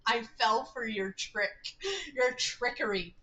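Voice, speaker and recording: A chatty, excitable woman live-streaming a game, her voice on the higher side. She reads the game's text aloud between quick asides to her chat, swinging from calm reading to loud outbursts. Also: poor audio. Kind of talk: casual live-stream gameplay with narration read aloud.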